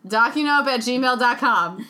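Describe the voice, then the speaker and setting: A woman's voice: fairly high pitch, measured pace. A woman co-hosting a podcast, chatting casually with blunt, playful asides. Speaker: podcast co-host. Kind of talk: casual chat. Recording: noisy with clicks.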